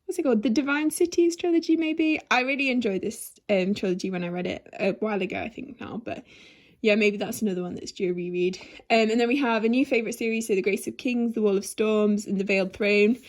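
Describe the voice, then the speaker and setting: A woman's voice: fairly high pitch, quick pace. A young woman from England giving a casual bookshelf tour, chatty and rambling, with frequent ums and small giggles. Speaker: book vlogger. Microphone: handheld camera.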